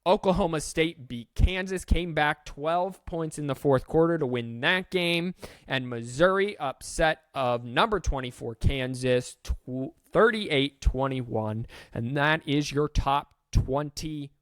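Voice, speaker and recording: A man hosting a sports podcast, rattling off scores quickly with joking, self-aware asides. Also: a little high, no echo, clean studio sound. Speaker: podcast host. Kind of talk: casual sports recap.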